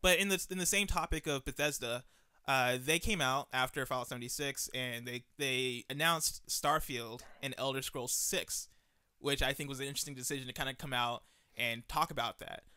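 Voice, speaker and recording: A man's voice: mid-range voice, normal speed, bright, forceful tone, clear, resonant tone, dry recording. A man hosting a casual panel chat, who moderates the talk and passes questions to his guests. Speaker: show host.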